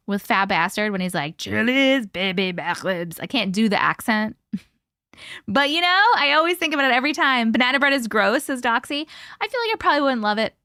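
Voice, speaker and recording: A woman's voice: sits high, pushed and bright, dry recording, clean studio sound. A woman hosting a casual live stream, chatting and laughing while she reads out viewer comments and greets them by name. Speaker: livestream host.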